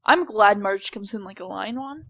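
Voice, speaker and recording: A woman's voice: medium pitch, moderate pace, a bit bright. A woman co-hosting a casual podcast, chatty and playful, often giggling. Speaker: podcast co-host.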